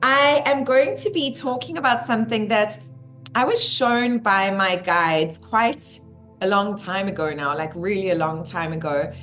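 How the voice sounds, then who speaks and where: A woman's voice: medium pitch, a little slow, a bit bright, soft background music. A woman hosting a spiritual live stream, effusive and greeting her viewers one by one by name.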